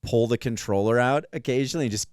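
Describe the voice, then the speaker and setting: A man's voice: medium pitch, fast, no room sound, clean studio sound. A man co-hosting a podcast, telling a story in casual, profane chat and acting out the people in it. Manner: animated, profane, acts out quoted voices. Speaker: podcast co-host.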